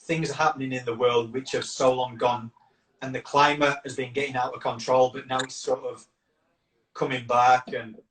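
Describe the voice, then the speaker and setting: A man hosting a live video call, earnest and rambling, circling back to restart his thoughts. His voice is mid-pitched and sounds set back from the mic in a roomy space. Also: flat delivery, moderate pace, fairly bright tone, a little hiss or hum. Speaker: campaign founder and host. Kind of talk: casual live chat. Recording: roomy echo, distant from the mic.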